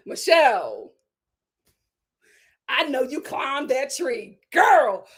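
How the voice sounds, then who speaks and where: Animated high-voiced woman recapping TV. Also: very slow, slightly rough. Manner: animated, laughing, acts out quotes in other voices. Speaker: host. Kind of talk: casual live TV recap chat.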